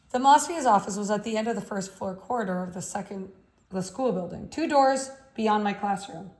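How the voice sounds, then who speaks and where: A woman reading a novel aloud in a measured, steady way. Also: medium pitch. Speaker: audiobook reader.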